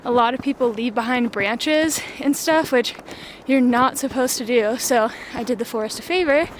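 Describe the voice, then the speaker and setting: A young woman vlogs into a handheld camera while hiking through a snowy forest. Her voice sits a touch high and her talk is chatty and unscripted, often a little breathless from walking. Faint outdoor ambience hangs behind her. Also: normal speed, slight background noise. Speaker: vlogger. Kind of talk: casual vlog narration.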